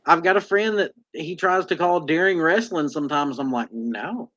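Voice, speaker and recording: A man's voice: a little high, moderate pace, fairly bright tone. A man hosting a casual chat, laid-back and self-deprecating. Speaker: podcast host. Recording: dull lo-fi audio.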